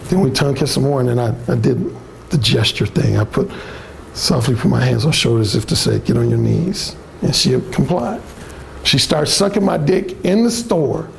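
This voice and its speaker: Brash, animated man telling a story. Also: mid-range voice, moderate pace, vocal fry, slight background noise, poor audio. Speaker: dating coach speaking at a seminar. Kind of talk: crude storytelling to an audience.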